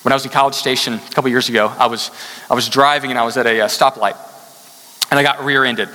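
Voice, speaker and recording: Man, pastor, conversational sermon delivery, bright and forceful tone, fairly high voice, long hall reverb. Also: quick pace. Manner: conversational, animated storytelling with asides.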